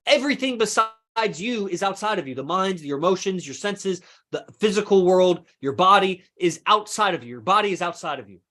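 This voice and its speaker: A man with a high-pitched, sharp voice and lively intonation hosts a podcast, speaking a little fast with few pauses. In a rambling, casual philosophical monologue, he swears freely and fixes his wording mid-sentence.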